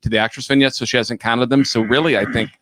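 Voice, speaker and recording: A man's voice: mid-range voice, steady tone, fast, a bit bright, no room sound. A man co-hosting a casual livestream chat, chatty and rambling as he explains things. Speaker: co-host of a livestreamed talk show.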